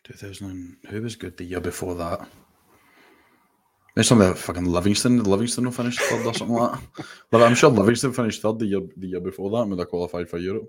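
A man's voice: fairly low pitch, fairly even intonation, fast talker. A Scottish man co-hosting a football podcast, talking in a laid-back, joking way. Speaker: podcast co-host. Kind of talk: casual football podcast chat.

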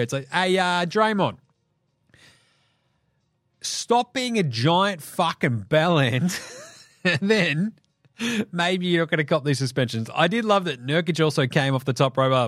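Australian man, podcast host, swearing a lot, laughing, lively swoops in pitch, dry close sound. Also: unhurried, long pauses, dry recording. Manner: animated, profane, laughing between jokes. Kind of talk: solo sports podcast rant.

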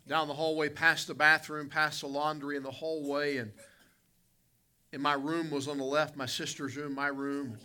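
A male pastor preaching a sermon, telling a vivid folksy personal story and calling on members of the congregation by name, swinging between loud emphatic lines and quiet asides. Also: fairly high pitch, little pitch movement, moderate pace, clear, resonant tone.

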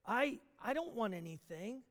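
A woman's voice: fairly high pitch, expressive, normal speed, natural voice. A man voicing a timid woman nearing forty who speaks in a hurt, hesitant way. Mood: hurt, wistful. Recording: long hall reverb.

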